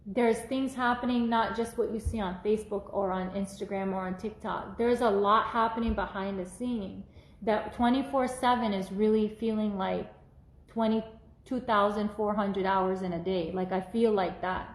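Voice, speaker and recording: A woman minister telling a personal testimony in an animated, casual way, acting out the voices she quotes. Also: medium pitch, moderate pace, reverberant, rough recording.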